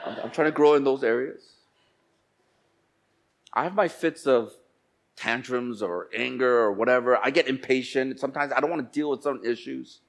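A male pastor preaching a sermon in church. He swings between hushed, slow lines and loud outbursts, and acts out quoted voices. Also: medium pitch, creaky.

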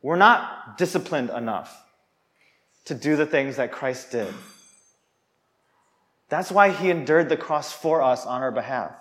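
A man's voice: mid-range voice, animated, a little slow, pauses often, fairly bright tone. A young man preaching a sermon in an earnest, conversational way, often restarting his sentences.

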